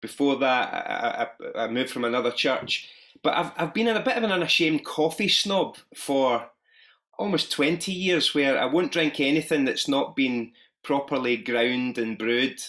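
A man's voice: medium pitch, expressive, unhurried, a bit bright. A man from Ayrshire with a Glaswegian accent, a pastor talking in a friendly, self-deprecating way on a video call panel. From Scotland, Ayrshire. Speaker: pastor and social enterprise founder. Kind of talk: conversational talk on an online panel.

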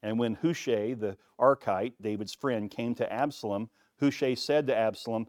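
Man preaching with slow emphatic pauses. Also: medium pitch, a little mellow, no echo, studio quality. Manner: reads quoted passages with rising force, preaches with slow emphatic pauses. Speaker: pastor. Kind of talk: sermon with Bible reading.

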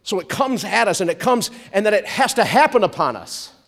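Male pastor, high and expressive, emphatic sermon with call-and-response. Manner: animated, drawn-out emphatic preaching with call-and-response.

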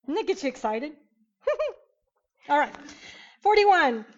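A woman teaching an interactive Bible lesson, emphatic and animated, questioning her class. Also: high-pitched, slow, dull audio.

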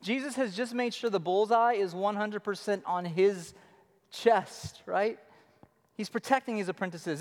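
A high-pitched male pastor delivers an animated sermon, rising to punchy emphasis and dropping to near murmurs. His voice rings out with a long hall reverb. He sounds like a man in his thirties. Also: a little slow. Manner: animated preaching, shifting between loud emphasis and low murmurs.

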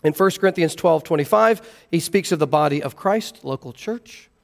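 A man's voice: fairly high pitch, expressive, moderate pace, vocal fry, big-room sound. A man preaching an expository sermon, earnestly explaining scripture verse by verse. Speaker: pastor.

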